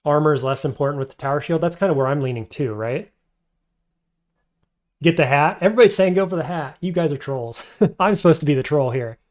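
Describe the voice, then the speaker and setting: A man's voice: a little high, fast talker, hardly any pauses, a little mellow. A man streaming a game, thinking aloud as he weighs his options and answers chat. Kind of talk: casual live-stream commentary.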